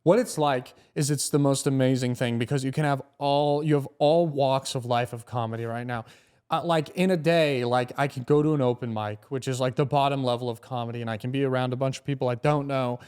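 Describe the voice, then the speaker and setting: A young man, a comedian guest on a podcast, telling stories in a casual, animated way, swearing often and acting out what people said. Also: mid-range voice, fairly quick, smooth. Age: young adult. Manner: animated, swearing, acts out quotes.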